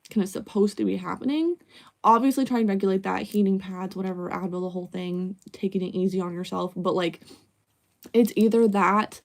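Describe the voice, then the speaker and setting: A woman's voice: medium pitch, gravelly, mellow. A young woman streaming live, chatting casually and candidly, swearing freely. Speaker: livestreamer. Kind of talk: casual livestream chat.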